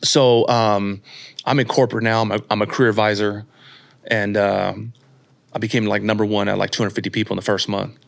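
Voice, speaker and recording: A man in his late thirties, a podcast guest telling his story in a casual, slangy, animated way and acting out the people he quotes. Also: on the low side, a little fast, vocal fry. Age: 30s.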